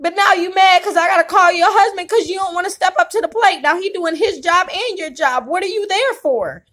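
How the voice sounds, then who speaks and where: Tearful, impassioned high-voiced woman vlogger. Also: fairly quick, a bit bright. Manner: impassioned, tearful, preacher-like cadence. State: crying at times. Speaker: YouTube vlogger. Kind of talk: emotional venting monologue.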